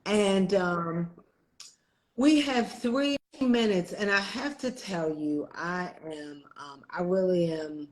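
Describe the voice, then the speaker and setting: A woman's voice: fairly low pitch, takes it slowly, poor audio. A middle-aged woman co-hosting a live stream in casual chat, laughing often and talking with many fillers and restarts. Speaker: executive director and co-host. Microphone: video call.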